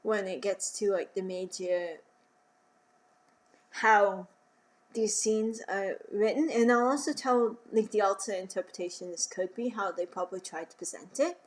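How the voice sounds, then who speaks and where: Chatty woman rambling about comics. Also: medium pitch. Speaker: podcast host. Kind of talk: casual comic book commentary.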